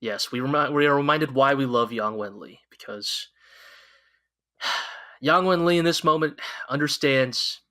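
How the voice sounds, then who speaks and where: A man co-hosting a podcast, chatting about an anime in an excitable, rambling way, with frequent restarts and swearing. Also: mid-range voice, unhurried. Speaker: podcast co-host. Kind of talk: casual anime review chat.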